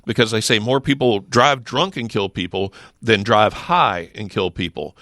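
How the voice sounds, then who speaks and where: Bright-voiced middle-aged man, emphatic. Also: fairly low pitch, normal speed, dry recording, clean studio sound. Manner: emphatic, with rhetorical questions and frequent restarts. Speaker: sheriff's office lieutenant, regular guest. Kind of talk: casual studio chat. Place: radio studio. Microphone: close studio mic.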